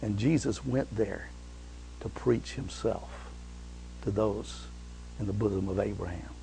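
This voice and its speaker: Gravelly-voiced male preacher telling stories. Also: on the low side, unhurried, slight background noise, rough recording. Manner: animated storytelling, swings from loud to hushed. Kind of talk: sermon.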